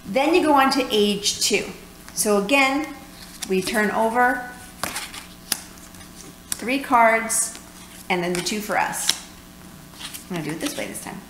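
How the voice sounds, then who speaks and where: A woman's voice: fairly high pitch, lively intonation, a little slow, long pauses, fairly bright tone. A woman from New York co-hosting a casual board game playthrough, chattily explaining rules and cracking jokes at a table at home. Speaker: co-host. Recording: echoey room, faint room noise.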